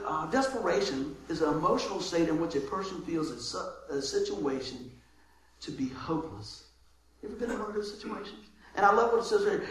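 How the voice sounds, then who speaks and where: High-voiced pastor preaching, swings loud to soft, super echoey church hall. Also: male voice. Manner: lively, swings between loud calls and soft asides. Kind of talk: sermon. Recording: very echoey room with faint noise.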